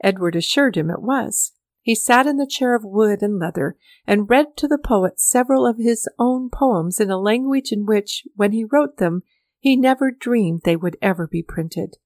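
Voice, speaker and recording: A woman telling a storybook tale in a measured, steady way. The recording is dry and close, with no room sound around her voice. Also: medium pitch, no room sound. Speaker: reader. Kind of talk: audiobook storytelling.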